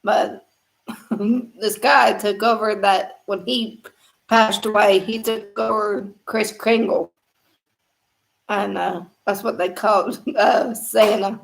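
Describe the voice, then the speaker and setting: A woman's voice: on the high side, gravelly, fairly bright tone. A middle-aged woman telling a rambling family story in a live stream, laughing often as she goes. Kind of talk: casual storytelling.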